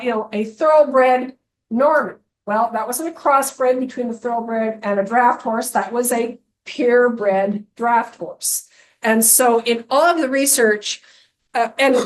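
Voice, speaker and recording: Woman lecturer, slightly high voice, chatty public history talk with audience asides. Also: rough recording.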